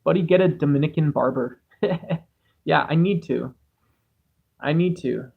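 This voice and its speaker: A man with a somewhat high voice hosts a relaxed livestream. He reads chat messages aloud and wanders from thought to thought, often putting himself down. He talks into a cheap home microphone. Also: a little slow, vocal fry, narrow, tinny audio, a little hiss or hum. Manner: rambling, musing, self-deprecating. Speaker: livestream host.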